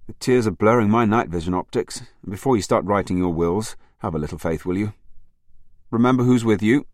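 A man's voice: lowish voice, a little fast, a little mellow, dry recording, studio quality, voice pushed up, natural voice. A man voicing a wisecracking woman sniper. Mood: teasing. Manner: sarcastic, teasing. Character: wisecracking female police sniper.

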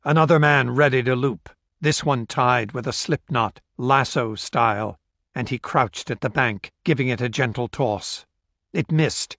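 With a medium-pitched voice, a male audiobook narrator reads scripted narration from a novel at a steady, measured pace. There is no room sound, and the recording is studio quality.

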